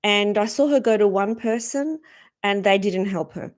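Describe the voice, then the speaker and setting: A woman, a spiritual speaker, earnestly recounting a personal story in a gentle, reflective way. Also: medium pitch, moderate pace. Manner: earnest, gentle, acts out quoted dialogue.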